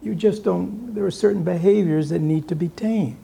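Man, dharma talk, gravelly, mellow tone, fairly high voice, halting pauses, rhetorical questions. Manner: asks the audience many rhetorical questions; halting, with many filler pauses. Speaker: dharma teacher.

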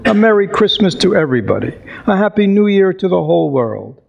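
A man's voice: on the high side, unhurried, lo-fi sound. A man voicing an old miser overjoyed and repentant, exclaiming as if breathless with emotion, in a dramatic reading. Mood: giddy.

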